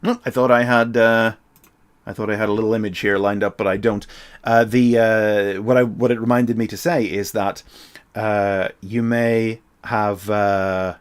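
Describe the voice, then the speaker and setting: A man's voice: fairly low pitch, flat delivery, measured pace, smooth. A man with a Northern Irish accent hosting a casual livestream, talking hesitantly with many fillers and restarts. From Northern Ireland. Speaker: livestream host.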